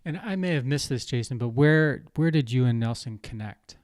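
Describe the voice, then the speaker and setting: A man's voice: medium pitch, expressive, normal speed, a little mellow, no room sound, studio quality. A man hosting a podcast interview, asking curious, probing questions. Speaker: podcast host.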